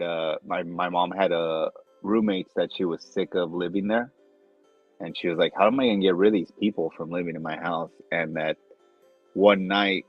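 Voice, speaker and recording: A man co-hosting a podcast, telling a story in a halting way, with many restarts. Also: deep voice, husky, dry recording, dull audio. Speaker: podcast co-host. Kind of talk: casual storytelling.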